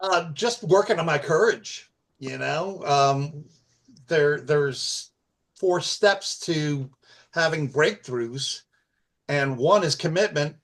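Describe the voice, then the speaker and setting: A man on a casual panel, speaking in a halting, self-mocking way. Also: on the high side, a bit bright.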